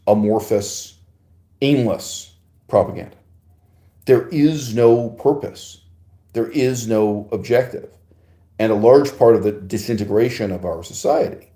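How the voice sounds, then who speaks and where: In an echoey room, a man with a lowish, warm voice hosts a podcast and answers a listener's email. His philosophical monologue is digressive and emphatic, full of laughs and rhetorical asides.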